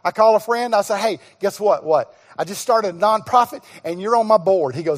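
A middle-aged guest pastor tells a sermon story in a fairly high, husky voice, speaking fairly quickly with hardly any pauses. He animatedly acts out dialogue and now and then bursts into shouts, his words ringing with the long reverb of a large church sanctuary.

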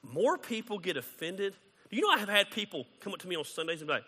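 A man preaching a sermon as pastor, conversational and animated, acting out quoted exchanges. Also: high voice, quick pace, few pauses, husky, long reverb tail.

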